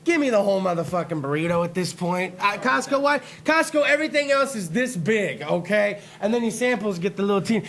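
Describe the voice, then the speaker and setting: A man with a high, gravelly voice tells a rambling, profane comic rant as a talk show host. His delivery is excitable, and his tone is bright and sharp. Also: fairly quick, hardly any pauses. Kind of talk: comedic rant on a live internet talk show.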